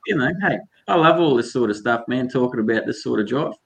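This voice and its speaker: A man with an Australian accent from North Queensland, chatting in a jokey, animated way and calling people mate. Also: medium pitch, fast talker, gravelly, rough recording. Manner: animated, jokey, laughs often, says mate. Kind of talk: casual chat.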